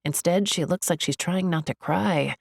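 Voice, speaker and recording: A woman narrating a first-person romance audiobook in a measured, wry manner. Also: lowish voice, gravelly, dry recording, clean studio sound.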